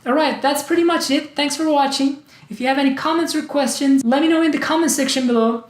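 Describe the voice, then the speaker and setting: A man hosting a language tutorial, speaking in a clear, deliberate way and acting out examples of word stress. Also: very high voice. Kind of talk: scripted tutorial narration. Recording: roomy echo.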